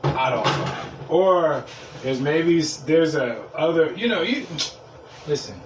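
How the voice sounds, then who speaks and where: A man's voice: a little high, lively intonation, measured pace. A man hosting a podcast, telling rambling stories in a blunt, profane, casual way. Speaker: podcast host. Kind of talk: casual solo podcast rant. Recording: distant mic with clear background noise.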